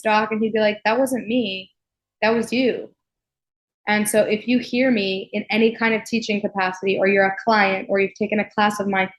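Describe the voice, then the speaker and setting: Earnest young woman podcast host. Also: mid-range voice. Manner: earnest, heartfelt, encouraging, with frequent "like" fillers. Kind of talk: personal solo podcast.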